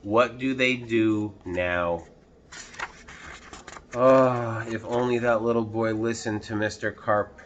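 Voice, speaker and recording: Guy doing storytime for kids, slow and patient, asks little questions, dull lo-fi sound. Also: lowish voice, steady tone, a little hiss or hum. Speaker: children's storytime reader. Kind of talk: reading a picture book aloud to children.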